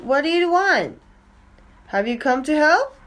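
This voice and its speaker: A woman reading a children's storybook aloud and voicing old Noah, speaking in a bright, eager tone that rises above her own voice. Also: high-pitched, very animated, a little slow, voice pushed up, full character voice. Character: Noah, old bearded man building the ark.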